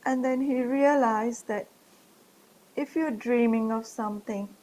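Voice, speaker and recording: Animated lady telling a kids' story, lots of gasps, high pitch, takes her time. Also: measured pace, a little hiss or hum. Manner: animated, gasping, asks listeners to join in. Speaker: children's storyteller. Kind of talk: online storytelling for children.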